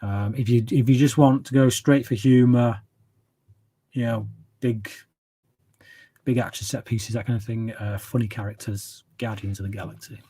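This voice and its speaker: A man's voice: mid-range voice, steady tone, moderate pace, pauses often, mellow, breathy edge. Rambling man host of a livestream Q&A. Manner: rambling and opinionated, hums filler syllables while reading chat. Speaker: channel host answering viewer questions. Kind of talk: casual livestream Q&A.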